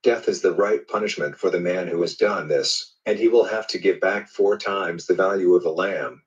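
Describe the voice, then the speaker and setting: A man reading a Bible passage aloud in a steady, measured storytelling manner. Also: low-pitched, recorded from a distance, highs cut off. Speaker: Bible reader. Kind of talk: scripted scripture reading.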